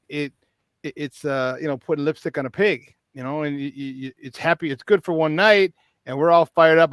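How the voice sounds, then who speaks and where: Fired-up sports radio host guy, a bit high voice, dry close mic. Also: clean tone, no room sound. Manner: excitable, rambling, repeats words.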